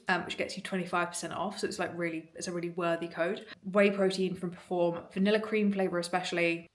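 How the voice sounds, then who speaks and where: A young woman, a fitness coach, chatting casually and upbeat to her phone camera at the gym and at home. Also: on the low side. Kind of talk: casual vlog chat.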